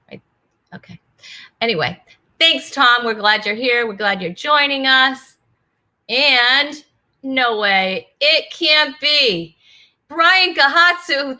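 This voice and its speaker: A woman's voice: a little high, bright, forceful tone. A woman hosting a casual live online talk show, chatty and bubbly, laughing often as she greets viewers. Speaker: host. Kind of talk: casual live-stream chat.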